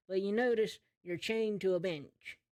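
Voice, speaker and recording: A man running a tabletop game as game master, narrating in an easygoing, slow descriptive way. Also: high-pitched, a little mellow, dry recording.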